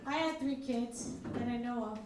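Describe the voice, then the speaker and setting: Brash high-voiced woman hosting a comedy club. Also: moderate pace. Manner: brash, crude, self-mocking banter with the crowd. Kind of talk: stand-up hosting between acts. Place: comedy club stage, live audience. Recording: echoey club, distant mic, crowd noise.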